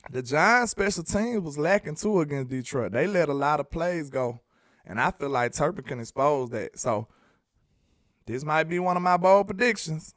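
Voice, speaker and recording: A man from Alabama, hosting a casual sports live stream, reading viewer messages and joking in a sing-song, animated way. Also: a little high, moderate pace, dry recording, clean studio sound.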